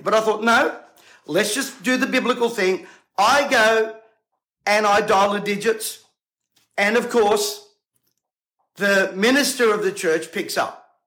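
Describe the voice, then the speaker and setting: An indignant male preacher with a strikingly high voice. He speaks to camera in a bright, forceful tone and keeps firing off rhetorical questions. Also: expressive, measured pace, long pauses, rough recording. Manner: emphatic, combative, rhetorical questions.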